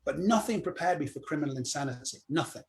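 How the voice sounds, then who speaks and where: A middle-aged comedian, speaking a touch higher than most men. He tells his story casually and with animation, slipping into voices as he acts out what others said. The talk is loose and anecdotal, as a guest on an interview. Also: animated, fast. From Cornwall, England. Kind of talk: conversational anecdote.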